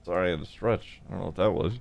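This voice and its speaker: A man's voice: low voice, fairly even intonation, racing, creaky, a little mellow, lo-fi sound. A man streaming a game role-play, muttering his thoughts aloud in casual chat and swearing a lot.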